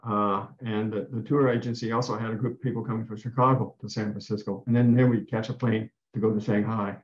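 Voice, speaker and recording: A lowish male voice with little pitch movement, delivered at a quick pace. He's a guest speaker telling a personal story in earnest, repeating himself and restarting often. The audio has a dull, roomy quality.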